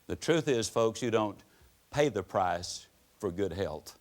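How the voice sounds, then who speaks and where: A man's voice: lowish voice, expressive, slow. A man giving a motivational speech to a live audience, telling folksy stories with sweeping rises and drops in his voice. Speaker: motivational speaker. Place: stage before an audience.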